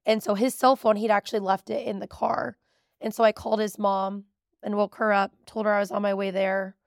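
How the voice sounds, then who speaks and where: A woman in her thirties hosts a podcast and tells a personal story candidly and emotionally, sometimes tearing up. Her mid-range voice is flat and fairly quick with vocal fry, recorded dry at studio quality.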